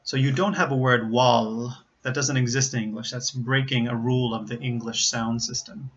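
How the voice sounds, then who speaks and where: Middle-pitched American man, slow careful teaching, repeats examples, lo-fi audio. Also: fairly even intonation, a bit bright. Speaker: pronunciation teacher. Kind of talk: explaining pronunciation to learners.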